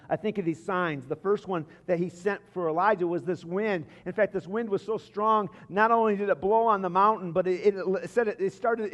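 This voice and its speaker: A high-voiced man preaches a sermon, telling his stories in bursts and often restarting his phrases. His voice rings out through a church sanctuary with a long, lingering reverb. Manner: storytelling with frequent restarts. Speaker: pastor.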